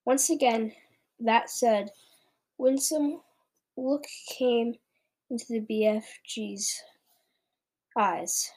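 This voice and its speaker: Brisk woman reading a storybook aloud. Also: a little high, darkish tone. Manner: brisk, lightly stumbling read-aloud. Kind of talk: reading a children's book aloud.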